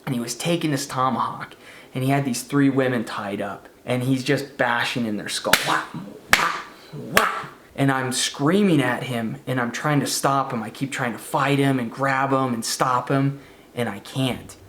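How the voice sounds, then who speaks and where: A man's voice: medium pitch, moderate pace, background noise. A man casually narrating a spooky true story, now and then acting out the voices of the people in it. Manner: casual, conversational, acts out quoted voices.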